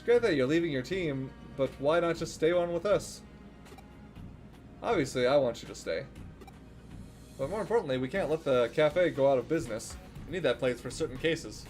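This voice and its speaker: A man voicing an earnest young male teammate in a video game, calmly persuading a friend to stay. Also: on the high side, moderate pace, pauses often, soft background music, natural voice.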